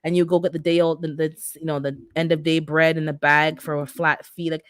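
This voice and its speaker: A middle-aged woman hosts a relaxed livestream and keeps answering her viewers' chat as she talks. Her voice sits a little low for a woman. It is recorded close in a dry room. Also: fairly quick, dry recording. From immigrant to North America. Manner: chatty, talks back to viewers' comments. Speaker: livestream host reading the chat.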